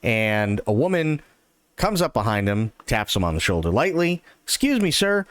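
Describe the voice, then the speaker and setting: A man's voice: on the low side, big pitch swings, moderate pace, no room sound. A man streaming live, chatting casually with his viewers, thanking them and telling a joke. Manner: chatty, thanks chat warmly. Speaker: livestreamer. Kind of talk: casual livestream chat.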